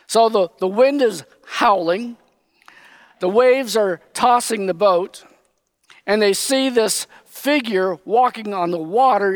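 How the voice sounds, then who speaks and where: A man preaching a sermon, teaching slowly and with emphasis, raising his voice when he quotes. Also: high-pitched, no echo. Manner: slow, emphatic Bible teaching, quoting figures in raised voice.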